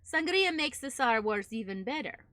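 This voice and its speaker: Speaking in a put-on German accent, a woman on a stream plays a broken-English character, cutting out articles and clipping her phrases with deadpan playfulness. Her voice is a little high, bright and forceful, expressive at a moderate pace, and the recording is dry.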